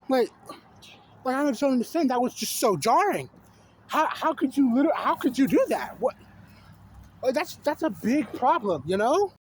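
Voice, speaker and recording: A man with a notably high voice rambles through a casual film rant, restarting sentences and piling on fillers as he gets exasperated. It sounds recorded on a phone camera at home, with a faint noise underneath. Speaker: video essayist.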